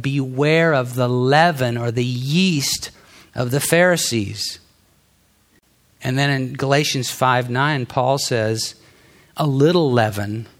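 A middle-aged man preaching a sermon in an earnest, conversational way, with some fillers and restarts. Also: mid-range voice. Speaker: pastor.

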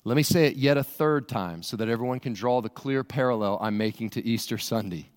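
A pastor preaching an expressive, dramatic sermon full of rhetorical questions in a church. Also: male voice, mid-range voice, fairly quick. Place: church sanctuary. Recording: long church reverb.

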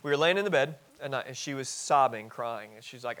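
A man in his thirties preaching a sermon as pastor in a church, earnest, swinging between loud emphasis and soft asides. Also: mid-range voice, lively intonation, fairly quick. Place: church sanctuary.

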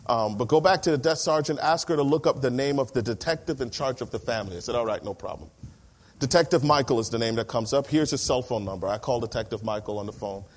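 A man's voice: medium pitch, fast, slight background noise. A man, a pastor, telling a story from the pulpit and acting out the dialogue of the people in it. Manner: animated storyteller, acts out dialogue. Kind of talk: storytelling sermon.

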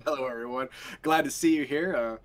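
Man, co-host, casual chat, halting, fillers, mid pitch. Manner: halting, many fillers and restarts. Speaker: podcast co-host.

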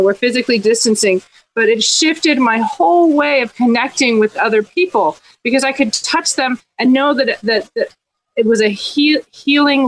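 A woman's voice: a little high, poor audio. A woman sharing a personal story, earnest and reflective, in a casual group conversation.

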